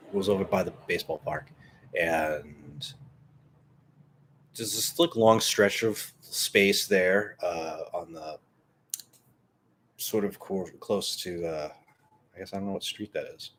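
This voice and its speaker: Deep-voiced guy, late thirties, just rambling through a story, lots of ums. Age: 30s. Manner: rambling, full of fillers and restarts, swears casually. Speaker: vlogger. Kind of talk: casual storytelling.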